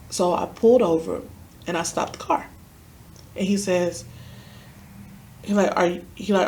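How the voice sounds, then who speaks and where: A woman's voice: on the low side, fairly even intonation, moderate pace, long pauses, warm tone, a little hiss or hum. A woman guest telling a personal story in an interview, earnestly acting out the dialogue she recounts. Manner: vivid retelling that acts out quoted dialogue; earnest, emotionally charged. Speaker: podcast guest.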